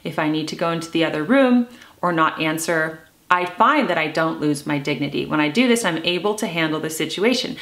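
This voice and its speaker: A woman in her thirties, a lifestyle vlogger talking to camera in a calm, earnest way, slowing down to stress her points. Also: deep voice. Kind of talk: casual talk to camera.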